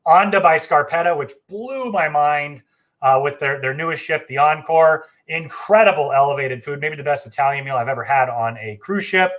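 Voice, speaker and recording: A fairly high-voiced man talks through a travel live stream in a loose, enthusiastic way. He is chatty and often restarts his sentences and fills pauses with ums and uhs. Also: fairly bright tone. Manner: chatty, enthusiastic, frequent fillers and self-corrections. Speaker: travel agency host. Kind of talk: casual live stream walkthrough.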